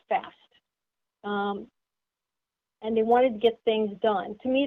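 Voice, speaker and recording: A woman leads a sales seminar in a fairly high voice, laying out each point step by step. She turns questions back to her listeners as she teaches. The sound is thin and narrow, like a phone line. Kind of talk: instructional seminar talk.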